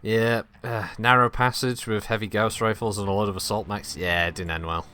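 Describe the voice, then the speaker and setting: A man's voice: lowish voice, steady tone, brisk, bright, forceful tone, clean tone. A man chatting casually and swearing cheerfully while playing a game on stream. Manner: joking, sweary, chatty commentary. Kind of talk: casual gaming chat.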